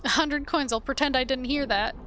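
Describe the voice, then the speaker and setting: A woman's voice: high voice, fairly quick, pushed and bright, faint music behind. A young woman streaming a game, chatting playfully and reading the text aloud. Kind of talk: casual game commentary.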